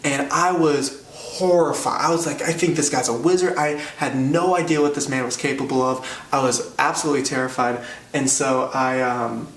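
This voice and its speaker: A man tells a stand-up story, rambling and poking fun at himself with plenty of fillers. His voice sits at a middling pitch. It bounces around a roomy space, picked up from a distant mic over a faint background hum. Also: fairly even intonation, moderate pace, a bit bright. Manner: rambling, self-deprecating, filler-heavy. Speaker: comedian, storyteller.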